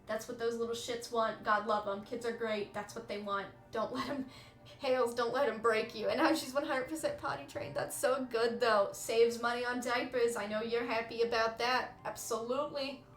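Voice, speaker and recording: A candid woman in her thirties, chatting to her stream with a slightly high voice and swearing freely. The room is echoey and faint music plays behind her. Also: steady tone, normal speed. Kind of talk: casual chat with live chat.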